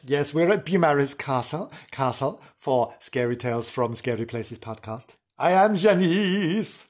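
Man doing a tipsy dotty woman, rambling, giggly, husky voice, lively swoops in pitch, comedy podcast sketch. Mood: flustered. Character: dotty tipsy woman wandering a haunted castle.

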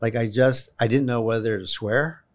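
A man, a guest telling personal stories in an animated, emphatic way, often repeating words as he gets going. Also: medium pitch, moderate pace. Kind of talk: personal storytelling in a conversation.

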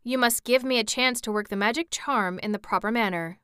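A woman voicing an anxious, high-strung young boy in a storybook reading. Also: fairly quick, fairly bright tone, clear, resonant tone, no echo, clean studio sound, natural voice.

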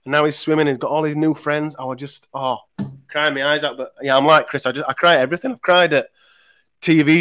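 A man's voice: a little high, fairly bright tone. A man in his thirties hosting a podcast, telling rambling emotional stories in casual chat and swearing freely.

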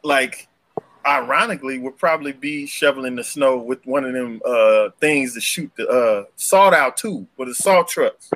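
A young man, telling a slangy, animated story on a casual podcast and leaping up in pitch for punchlines. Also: normal speed. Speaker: podcast co-host.

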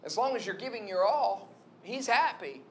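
A man's voice: sits high, moderate pace, slight background noise. A young adult man giving a conversational, storytelling sermon. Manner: conversational, storytelling, animated retelling. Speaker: preacher.

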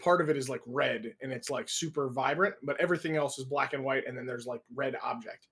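A man's voice: mid-range voice, a little fast, a bit bright, breathy edge. A young man co-hosting a podcast over a video call, telling a rambling, profane story packed with filler words. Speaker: podcast co-host. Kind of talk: casual chat.

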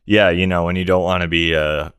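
A man co-hosting a podcast, casual film chat full of jokey deadpan asides and quick corrections. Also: low-pitched, smooth, no room sound, clean studio sound. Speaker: podcast co-host.

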